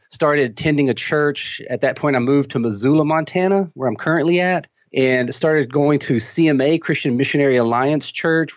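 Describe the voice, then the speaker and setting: A man's voice: medium pitch, no room sound. Chatty Texan man, lo-fi sound. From Texas. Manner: relaxed, chatty, laughs often. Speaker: pastor, guest. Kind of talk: casual interview talk.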